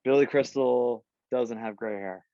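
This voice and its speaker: A Southern California man in his thirties, appearing as a guest musician on a podcast, tells a long, rambling anecdote packed with cursing and fillers like "like" and "um." His voice is medium-pitched, a little slow, and dark in tone. The recording is dry, with the highs cut off.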